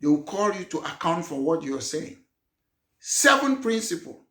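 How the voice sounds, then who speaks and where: Emphatic high-voiced man. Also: very animated, normal speed, sharp tone. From Cameroon. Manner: emphatic, repetitive, poses rhetorical questions. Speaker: political party leader. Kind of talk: political address to an audience. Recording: roomy echo.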